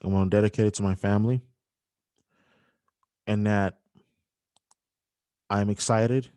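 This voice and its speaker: A young man hosting a podcast, speaking emotionally with halting restarts and apologies. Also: lowish voice, fairly even intonation, warm tone, clear, resonant tone, no echo, clean studio sound. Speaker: podcast host. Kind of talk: emotional podcast dedication and interview.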